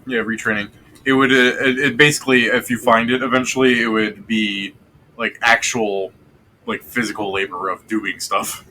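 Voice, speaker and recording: A man with a bright, forceful voice runs a tabletop game session. He rambles loosely through the scene, cursing casually, with faint noise underneath. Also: lowish voice, little pitch movement, normal speed, low-quality recording. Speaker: game master.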